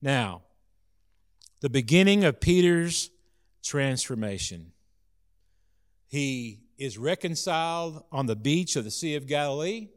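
A man preaching a sermon in an earnest way, rising to loud emphasis and dropping to soft, hushed lines. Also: on the high side, lively intonation, slow, pauses often. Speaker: pastor.

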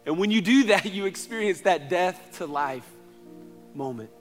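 A man in his thirties, a pastor, preaching a sermon in earnest storytelling style, moving between loud passages and hushed ones. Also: sits high, expressive, normal speed, faint music behind.

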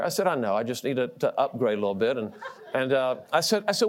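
Male preacher, middle-aged, storytelling sermon, very lively pitch, self-mocking laughs. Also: fast talker. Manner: animated storytelling, repeats words, laughs at himself.

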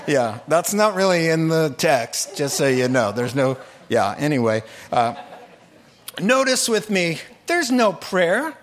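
Male preacher, higher-pitched, animated storyteller who jokes as he preaches. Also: unhurried. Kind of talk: sermon.

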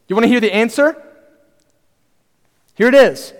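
A man's voice: extremely high pitch, normal speed, long pauses, in a large hall. A man preaching a sermon as pastor, earnest and direct, putting rhetorical questions to the congregation.

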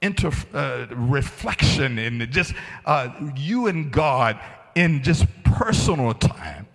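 A middle-aged man, a pastor, preaching a sermon emphatically, his voice rising to shouts on key points. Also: mid-range voice, very animated, slow, vocal fry. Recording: long hall reverb.

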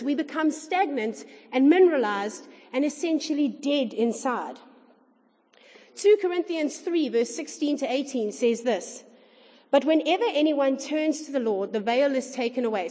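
A woman's voice: high-pitched, darkish tone, big-room sound. A woman in her thirties preaching a sermon to her congregation in a chatty way, with rhetorical questions. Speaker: pastor.

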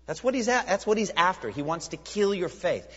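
A male pastor preaches in a lively, swooping voice, pressing his listeners with rhetorical questions. He pauses for effect and leans hard on key words. The sound is muffled and carries a long hall reverb. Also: high voice, breathy edge. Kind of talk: sermon.

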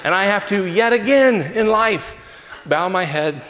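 A man delivers a sermon to a congregation, his fairly high voice rising and falling as he tells a story against himself. His words ring out with a long reverb from a large hall. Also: moderate pace, background noise. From Southern California. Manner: lively storyteller, big pitch swings, self-mocking. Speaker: pastor.

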